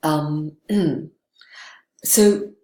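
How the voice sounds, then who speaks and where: A woman's voice: low-pitched, extremely slow, dark tone, reverberant. A woman giving a literature lecture, thoughtful and digressive, often checking in with "right?". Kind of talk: recorded lecture.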